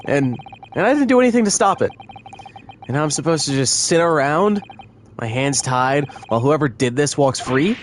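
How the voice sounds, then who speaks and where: A man's voice: fairly high pitch, sing-song, moderate pace, slight background noise. A man reading game dialogue aloud as an earnest, flustered young male defendant, in a pleading, emphatic manner. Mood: determined. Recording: faint music behind.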